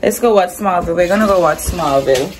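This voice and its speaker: A woman with a Caribbean accent chatting casually in a family vlog at home, animated and loud when calling her children. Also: on the low side, quick pace, background noise. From Caribbean, born in Jamaica, raised in Anguilla. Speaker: family vlogger, mother.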